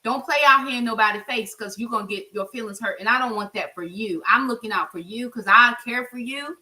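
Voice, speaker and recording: Chatting in her home kitchen as she cooks, a middle-aged American cooking vlogger offers viewers blunt yet friendly advice in a casual style. She talks a little fast in a slightly high, sharp voice. Her voice sounds a bit far from the mic.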